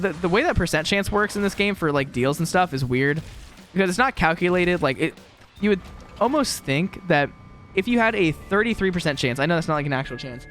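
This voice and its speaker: A young man chats his way through a game from his room at home, rambling and poking fun at himself. His voice sits a little high and swings around lively. Faint music plays underneath. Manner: rambling, chatty, self-deprecating. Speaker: gaming commentator. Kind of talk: casual gameplay commentary.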